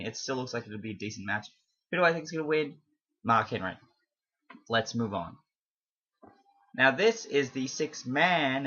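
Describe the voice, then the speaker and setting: A man's voice: medium pitch, sharp tone. A young man, not from America, casually rambling through his wrestling predictions with lots of fillers and self-amused asides. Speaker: wrestling fan vlogger. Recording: dull lo-fi home recording.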